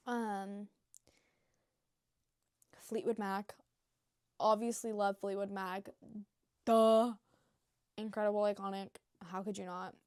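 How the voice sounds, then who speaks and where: A woman's voice: mid-range voice, level tone, measured pace, pauses often, a little mellow, clear, resonant tone, dry recording, studio quality. A young woman in casual, unscripted vlog chat who rambles and gushes, with lots of filler words and swearing. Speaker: new vlogger.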